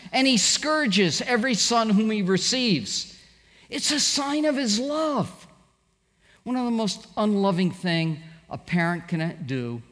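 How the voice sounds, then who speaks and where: A man's voice: sits high, a bit bright, big-room sound. A middle-aged man preaching a sermon, telling stories animatedly and acting out the quoted voices. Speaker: pastor.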